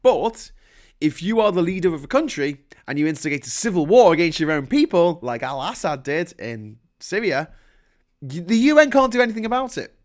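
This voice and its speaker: A man with a British accent delivering a sweary, animated political rant as host, laughing between points. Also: on the high side, fairly quick. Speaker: podcast host.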